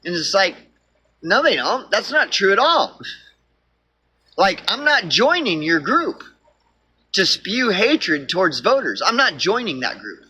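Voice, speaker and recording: Animated rambling man with a bright, husky voice. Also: high-pitched, a little slow, pauses often, slight background noise. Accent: Oklahoma. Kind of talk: casual political monologue.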